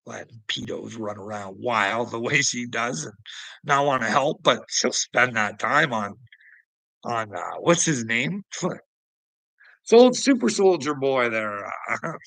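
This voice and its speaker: Guy ranting at somebody online, gravelly bright voice, mocking laughs, goes loud then mutters, dry close mic. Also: lively intonation, slow, no echo, rough recording. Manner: taunting, preachy, laughing mockingly, swearing; swings between loud outbursts and low mutters. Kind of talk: ranting monologue to a rival streamer.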